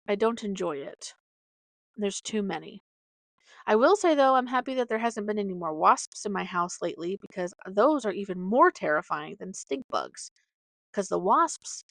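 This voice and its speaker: A woman's voice: mid-range voice, creaky, no room sound. A woman in her thirties hosting a podcast, rambling and chatting casually from home. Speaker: podcast host. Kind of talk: casual solo chat.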